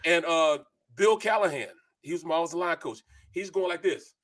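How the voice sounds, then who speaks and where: Co-hosting a sports talk show, a middle-aged ex-lineman drifts through lively anecdotes crammed with fillers. His voice is on the high side and his speed is normal.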